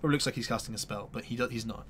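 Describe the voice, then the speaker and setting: A man's voice: medium pitch, racing, fairly bright tone, a little hiss or hum. A man narrating as game master for a tabletop game, hesitant and full of fillers.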